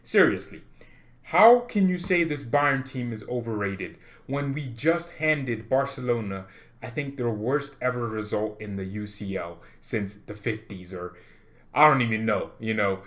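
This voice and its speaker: Male fan-channel host, mid-pitched, animated and jokey, hammers his points home by repeating them. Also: unhurried. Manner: excitable, jokey, laughs often, repeats for emphasis. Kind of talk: animated fan rant to camera.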